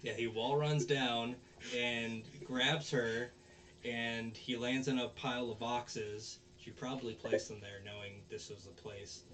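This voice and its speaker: A bit slow and mid-range in pitch, this man hosts a laid-back podcast where he recaps anime in a meandering way, restarting often and using lots of fillers. He voices the characters animatedly, with slight noise in the background.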